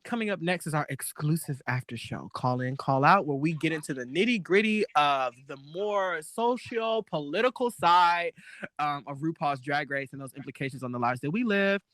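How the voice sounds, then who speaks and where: A man co-hosting a loose chat show, his voice sitting a little high. He talks with animated energy, and the sound is dry and close. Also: normal speed, dry recording. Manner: animated, laughing, mimicking lines in a high voice. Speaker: podcast co-host. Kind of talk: casual chat.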